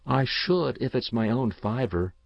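An earnest, grave young boy who confides his secrets, as a man reads him in an audiobook. The voice is lifted and lively in pitch with a gravelly edge. The recording is dry and a little dull. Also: a little slow, no room sound. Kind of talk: audiobook reading.

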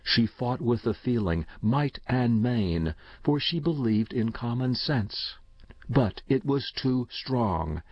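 Male story narrator, husky, lively intonation, dull dry recording. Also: medium pitch, takes it slowly, no echo. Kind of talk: audiobook reading.

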